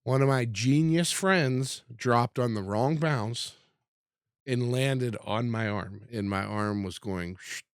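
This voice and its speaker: A man chatting as a podcast guest, telling stories in a laid-back way with halting restarts. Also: mid-range voice, clear, resonant tone, no room sound, clean studio sound. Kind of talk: casual chat.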